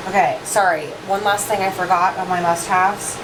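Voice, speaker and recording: A woman's voice: fairly low pitch, flat delivery, moderate pace, background noise. A young adult woman, a mother, talking casually to her viewers in a candid, chatty way, filling her speech with "like" and the odd swear word. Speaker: mom vlogger. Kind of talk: casual chat to camera.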